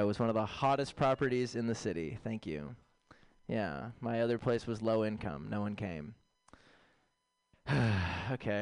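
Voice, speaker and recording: A man doing an open-mic stand-up set of deadpan one-liners with rambling asides, on a comedy stage with a handheld mic. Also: fairly low pitch, clean tone, no room sound. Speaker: stand-up comic.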